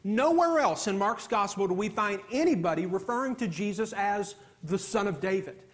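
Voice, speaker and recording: Male preacher, high voice, emphatic sermon delivery. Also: lively intonation, moderate pace, fairly bright tone. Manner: earnest, emphatic preaching with repetitions.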